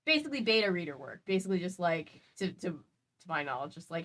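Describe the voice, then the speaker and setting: A woman's voice: fairly low pitch, very animated, fairly quick, sharp tone, rough recording. A woman hosting a casual stream chat, rambling along with lots of "like" fillers. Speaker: host.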